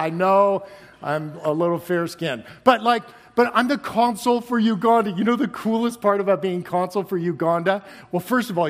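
Man, guest preacher, high voice, lively and laughing, long hall reverb. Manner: animated, laughing, exclaiming. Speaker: guest speaker. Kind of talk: storytelling sermon.

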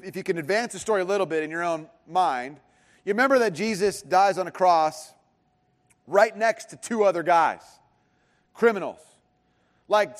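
Man preaching in a reverberant hall. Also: sits high. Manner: conversational, joking asides. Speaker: pastor. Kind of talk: sermon.

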